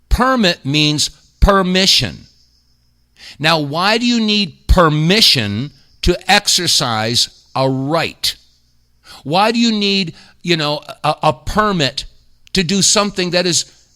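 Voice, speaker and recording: A man's voice: high-pitched, bright, forceful tone. A man hosting a talk radio show, delivering indignant, emphatic commentary full of rhetorical questions. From United States.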